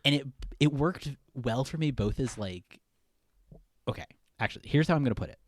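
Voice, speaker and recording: A young male podcast co-host with a medium-pitched voice talks through a film at a normal speed. His casual movie chat is relaxed and rambling, packed with fillers.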